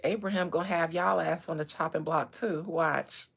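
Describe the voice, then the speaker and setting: A woman's voice: sits low, fairly even intonation, normal speed, gravelly, husky. A woman hosting a live stream, ranting in a blunt, slangy, profane and sassy way. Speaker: livestream host.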